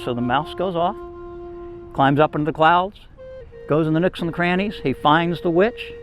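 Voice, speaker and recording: A man storyteller telling a folk tale to children in an animated, emphatic way. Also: a little high, normal speed, soft background music.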